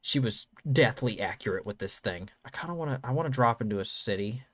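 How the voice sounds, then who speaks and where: A man's voice: medium pitch, lively intonation, fairly quick. A young man telling a wild story in casual, profane, rambling talk full of fillers and restarts. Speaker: channel host.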